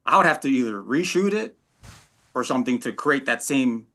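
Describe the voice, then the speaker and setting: A man in a casual panel chat, explaining his video work in a halting way, full of restarts. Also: mid-range voice, expressive, bright, forceful tone. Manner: halting, lots of likes and restarts.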